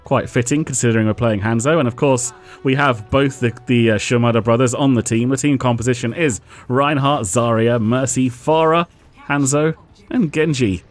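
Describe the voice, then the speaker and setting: A man's voice: medium pitch, normal speed, soft background music. A man hosting a casual gameplay commentary, talking in an analytical, self-mocking way at a desk microphone. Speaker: host.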